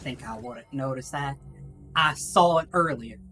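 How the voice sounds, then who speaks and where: A woman streamer voicing a boastful hick Southern gamer in a deliberately bad fake Southern accent, drawling and self-praising. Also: extremely low pitch, a bit bright, faint music behind, voice pushed down. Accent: exaggerated fake Southern US.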